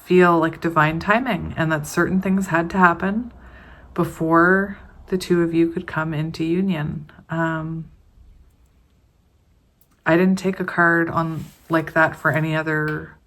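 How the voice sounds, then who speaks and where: A woman chatting casually through a tarot card reading for her viewers, slow and unhurried, with frequent giggles. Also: low-pitched, fairly even intonation, a bit bright. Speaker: tarot reader.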